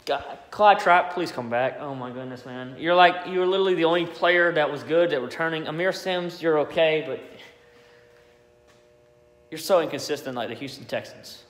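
Male sports vlogger, higher-pitched, blunt and exasperated ranter, recorded in a reverberant room. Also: normal speed. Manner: exasperated, blunt, animated rant with frequent fillers. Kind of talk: ranting sports commentary. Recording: echoey room with long reverb.

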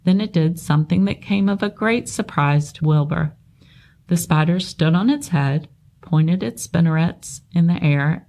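A woman on library staff reading a children's novel aloud in a steady, measured narration. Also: sits low, vocal fry.

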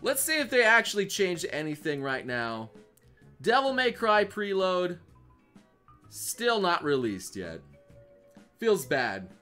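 A man streaming live, chatting casually with his viewers in a laid-back way that often trails off quietly. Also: high voice, big pitch swings, slow, pauses often, soft background music.

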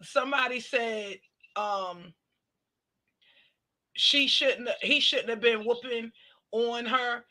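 A woman's voice: fairly high pitch, takes it slowly, pauses often. Woman host retelling a story. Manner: animated retelling, quoting others. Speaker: commentary channel host. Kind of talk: casual commentary chat.

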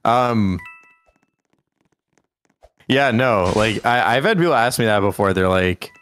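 Slow, laid-back young man gaming. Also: fairly low pitch, animated, fairly bright tone, soft background music. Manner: laid-back, joking, rambles with "like". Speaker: co-streamer. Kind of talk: casual chat while gaming.

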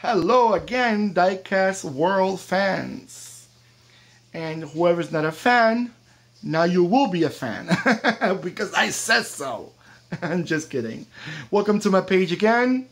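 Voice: mid-range voice, animated, takes it slowly. An American toy collector reviewing a diecast model car in a casual vlog, chatty and enthusiastic, with the odd joke. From United States.

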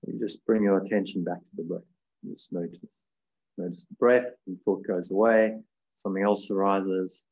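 A man leading a meditation course over a video call, teaching gently and unhurriedly, thinking aloud with soft fillers. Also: sits low, steady tone, normal speed, creaky, breathy edge, muffled recording.

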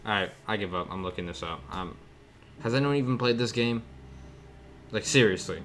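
A man's voice: on the low side, moderate pace, a bit bright, a little hiss or hum. A man hosting his own gaming channel, giving casual let's-play commentary and joking back at the game's characters. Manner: jokey, talks back to game characters. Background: game music.

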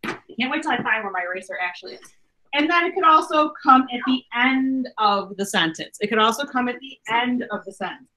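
A woman's voice: on the high side, animated, a little fast, sharp tone. A woman teacher giving a chatty grammar lesson to her class over a video call, saying okay a lot. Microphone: computer mic on a video call.

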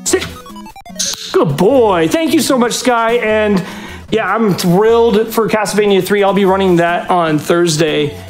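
A speedrunner at a live event stage giving a dog short coaxing commands and chatting excitedly about the run. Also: medium pitch, unhurried, faint music behind.

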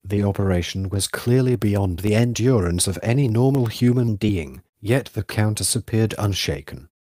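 Male audiobook narrator, low voice, dry close sound, measured literary reading. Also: animated, dark tone, dry recording.

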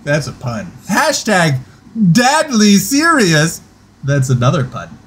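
A man's voice: a little high, wildly swooping pitch, a bit bright, husky. A man hosting a comedy game show on a live stream, reading out prompts and vote results and laughing often. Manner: playful, quick to laugh.

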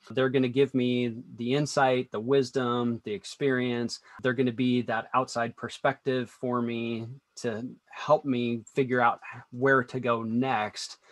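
A man's voice: mid-range voice, no echo. Man guest explaining business advice steadily. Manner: steady, explanatory, draws on teaching music. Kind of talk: conversational interview.

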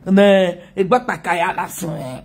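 A woman's voice: lowish voice, unhurried, gravelly. A Nigerian woman ranting mockingly on a live video, scolding and laughing often.

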